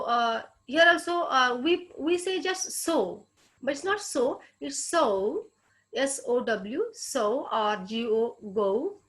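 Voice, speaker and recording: High-voiced Indian woman teaching phonetics. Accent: Indian English. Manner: hesitant, many filler sounds, repeats sounds slowly to demonstrate. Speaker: English lecturer. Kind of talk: online phonetics lecture.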